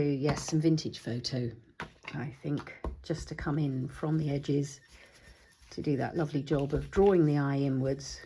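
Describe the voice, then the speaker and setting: A woman hosting a craft tutorial, chatting casually and thinking aloud as she works, even talking to her supplies. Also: sits low, unhurried, slight background noise. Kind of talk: casual demonstration while crafting.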